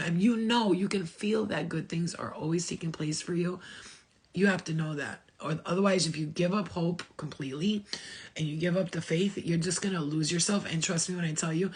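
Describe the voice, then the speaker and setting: A woman's voice: lowish voice, moderate pace, husky. A woman giving a channeled spiritual message in a rambling, emotional way, with casual swearing. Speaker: spiritual reader.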